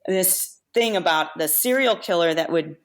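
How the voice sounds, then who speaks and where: A woman being interviewed on a podcast about her makeup effects career, telling animated anecdotes with laughs and restarts. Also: lowish voice, normal speed. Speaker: guest makeup effects artist. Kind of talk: casual storytelling interview.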